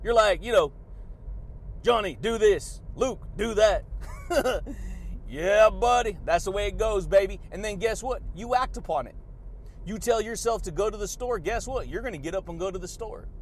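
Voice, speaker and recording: A man's voice: sits high, brisk, slight background noise. A man hosting a motivational podcast monologue, hyped and chatty, who laughs often and keeps calling his listeners buddy and baby. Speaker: podcast host.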